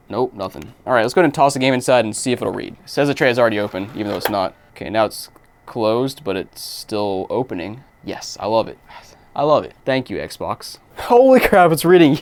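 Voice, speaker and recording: A man giving casual, excitable commentary as he unboxes and tests game consoles. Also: medium pitch, no room sound. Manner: excitable, quick reactions and exclamations. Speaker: tech YouTuber reviewing consoles.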